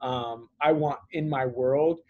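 A man's voice: mid-range voice, fairly even intonation, slow, dull audio. A man being interviewed as a business owner, talking earnestly about his goals with many fillers and repeated words. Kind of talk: conversational interview answer.

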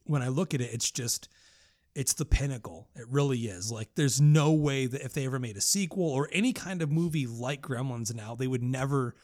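A man's voice: mid-range voice, fairly quick. Guy hosting a chat, gets worked up, swears a lot, trips over his words. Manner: excitable, swears a lot, restarts sentences. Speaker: podcast host. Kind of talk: casual chat.

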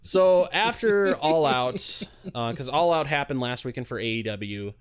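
A man hosting a loose, casual podcast chat, his pitch swinging widely as he talks. He is blunt and swears freely, and he often trips and restarts mid-sentence. His voice sits at an ordinary middle pitch. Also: animated, unhurried, clean tone. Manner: blunt and profane, frequent restarts. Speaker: podcast host.

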